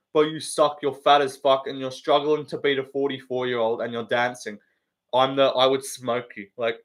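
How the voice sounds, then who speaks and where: A young man in his twenties with an Australian accent hosting a casual live stream, reading comments in a joking, laid-back way full of slang and swearing. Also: a little high.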